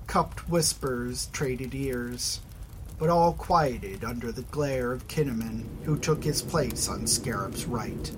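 A man narrating a fantasy story in a measured, even storytelling manner. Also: mid-range voice, noisy background. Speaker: audiobook narrator.

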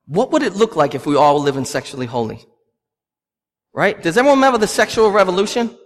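A man's voice: high-pitched, very animated, fast talker. A man, preaching a sermon with passion and repeating lines for emphasis. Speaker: pastor. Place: church. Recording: long hall reverb.

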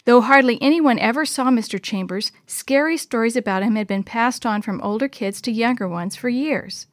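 A woman reading a children's chapter book aloud in a gentle, expressive storyteller voice. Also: a little high, moderate pace, no echo.

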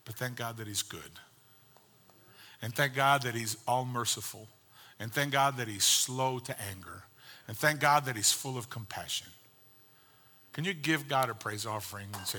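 A man preaching a sermon, shifting between loud fervent exhortation and quiet tender reflection. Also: mid-range voice, normal speed, pauses often, some chatter behind, slight background noise. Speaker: pastor.

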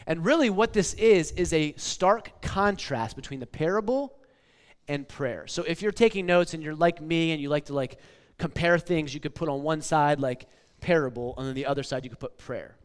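A man's voice: on the high side, normal speed, clear, resonant tone. A man in his forties preaching a casual, conversational sermon, often checking in with "okay?" and "like.". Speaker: pastor. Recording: long hall reverb.

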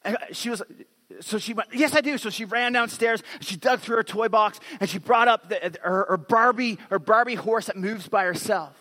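Male pastor, 30s, animated storyteller, sharp bright tone, long hall reverb. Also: high-pitched. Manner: animated storytelling, acts out quotes. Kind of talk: sermon.

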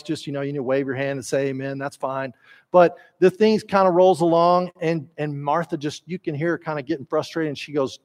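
A middle-aged man preaching a sermon, telling the story lively and acting out the voices of the people in it. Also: a little high. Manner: animated storyteller, acts out biblical voices. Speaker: pastor.

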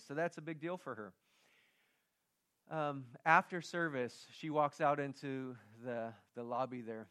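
A middle-aged man preaching a sermon, telling a family story in a conversational way that swings from hushed to loud and emphatic. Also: mid-range voice. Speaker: pastor.

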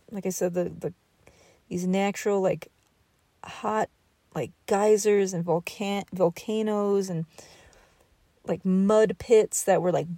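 A woman's voice: mid-range voice, mellow, dry recording. A woman hosting a podcast, musing aloud at an outdoor campsite at night and rambling with many fillers. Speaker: podcast host. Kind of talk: reflective outdoor monologue.

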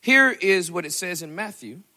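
A man preaching a sermon, telling a story with animated delivery and acting out quotes in a raised voice. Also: moderate pace. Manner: animated, acts out quotes with big pitch jumps. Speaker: pastor.

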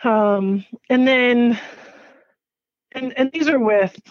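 A woman, a business owner being interviewed, telling her story in an animated way, laughing often and leaping up in pitch when she quotes herself. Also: takes it slowly, dry recording, muffled recording.

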